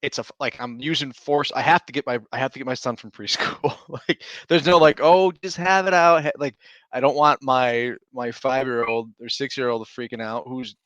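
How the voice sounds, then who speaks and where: A man's voice: medium pitch, steady tone, moderate pace, fairly bright tone, dry recording, highs cut off. A man in his thirties, a stay-at-home dad co-hosting a podcast, telling a long rambling story in casual chat with restarts and laughs.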